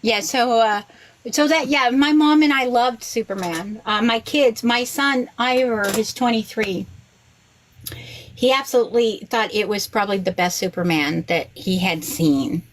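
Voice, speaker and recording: A woman in her forties, a rabbi, chatting casually on a podcast and telling family stories with lively quoted voices. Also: measured pace, rough recording. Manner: animated storyteller, quotes others with big pitch jumps.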